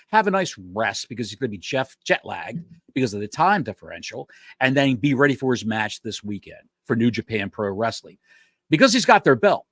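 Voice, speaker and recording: A man co-hosting a casual podcast, animated and rambling, swearing freely as he rants. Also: medium pitch, no room sound. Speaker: podcast co-host.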